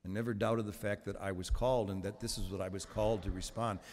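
A man's voice: fairly low pitch, steady tone, fast talker, a little mellow, in a large hall, a little hiss or hum. A Catholic priest in his seventies giving a sermon in a conversational, humorous storytelling manner, with frequent restarts.

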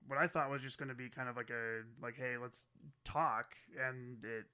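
A man from Spokane, a photographer, chatting casually on a podcast in a halting way and clearing his throat often. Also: mid-range voice, fairly even intonation, sharp tone. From Spokane, Washington.

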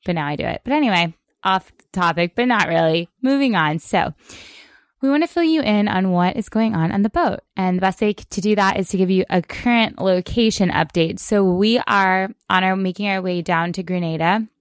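A woman's voice: mid-range voice, normal speed, smooth, no echo, studio quality. A woman co-hosting a podcast from a sailboat, chatting frankly and laughing easily, with small restarts. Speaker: podcast co-host. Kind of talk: casual chat. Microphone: podcast mic.

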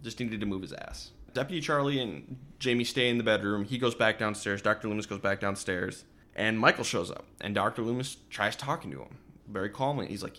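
A man with a somewhat low voice hosts a casual podcast chat. He walks through a film's plot scene by scene. He briefly acts out what the characters say. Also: fairly quick, sharp tone. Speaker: podcast co-host. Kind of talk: casual movie recap chat.

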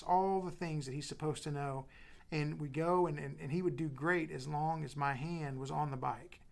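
A middle-aged man preaches with a gravelly, slightly high voice. He sinks into hushed whispers, then builds back up with repeated, emphatic phrases. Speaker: pastor. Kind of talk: sermon.

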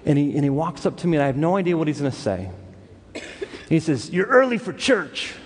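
A man from Los Angeles preaches by telling a story, acting out the voices of the people in it. His voice sits a little high for a man. It rings out with a long reverb, as in a large hall. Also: fast, husky. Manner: animated storyteller who acts out quoted voices. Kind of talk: sermon storytelling.

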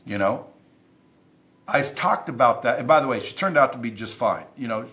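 A man's voice: mid-range voice, lively intonation, normal speed, fairly bright tone. A man who is a podcast guest, telling stories in an emphatic, intense way and swearing freely. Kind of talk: casual interview storytelling.

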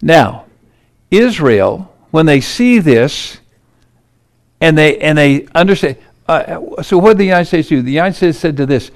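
A man's voice: on the high side, expressive, moderate pace. A man giving urgent political commentary over maps and headlines, emphatic and incredulous.

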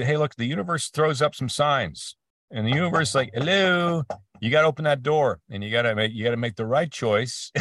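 A voice actor guest, speaking in a mid-range, slightly bright male voice, chats casually with an interviewer about his career. His stories have many restarts, and he acts out the people he quotes. The audio is clean studio quality with no echo, though he sits far from the mic.

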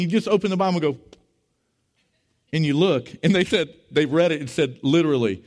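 A pastor preaching with lively, sweeping delivery. His voice jumps up loud for emphasis, then drops low and quiet for earnest points. He tells stories with humor and acts out quotes. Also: a little fast, pauses often. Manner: animated preaching with swings between loud and hushed. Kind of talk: sermon.

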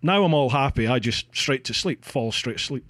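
A man with a Scottish accent, hosting a casual chat and telling stories in an animated way, acting out what people said and swearing casually. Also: mid-range voice, moderate pace, no echo, studio quality. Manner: animated, acts out quoted speech, swears casually. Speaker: podcast host.

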